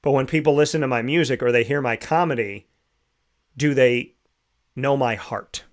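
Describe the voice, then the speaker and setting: A man's voice: mid-range voice, moderate pace. A man hosting a show, giving a reflective motivational monologue full of rhetorical questions. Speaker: show host.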